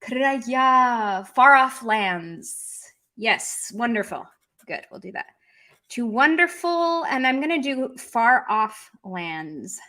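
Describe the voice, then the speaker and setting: A woman's voice: mid-range voice, a bit bright. An American woman teaching Russian on a live stream, chatty and thinking aloud with many fillers. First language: English. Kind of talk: live-streamed language lesson.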